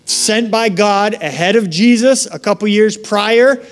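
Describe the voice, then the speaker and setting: A young man preaching a casual, animated sermon, chatting and acting out quotes in raised voices. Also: sits high, measured pace, soft background music. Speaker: pastor. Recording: long hall reverb.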